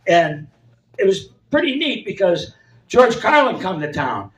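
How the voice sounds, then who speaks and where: An older male stand-up comic in his seventies, spinning rambling stories with a high, swooping voice. He picks up the quoted voices of the people in his tales. The sound is roomy and distant, caught from across a club. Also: very animated, a little slow, a bit bright. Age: 70s. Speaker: stand-up comedian. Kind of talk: stand-up storytelling. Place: comedy club stage.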